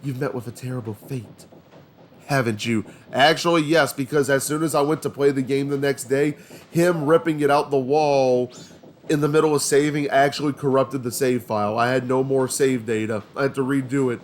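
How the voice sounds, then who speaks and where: A man's voice: medium pitch, fairly even intonation, fairly quick, a little hiss or hum. A young man with a slightly strained throat, rambling casually as he tells a story over gameplay. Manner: rambling storytelling with many fillers. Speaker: let's play host. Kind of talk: casual gaming commentary.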